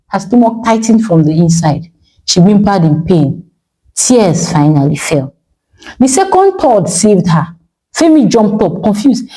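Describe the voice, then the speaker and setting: A woman's voice: medium pitch, sing-song, a little slow, warm tone, rough recording. A woman narrating a dramatic story with emotive delivery.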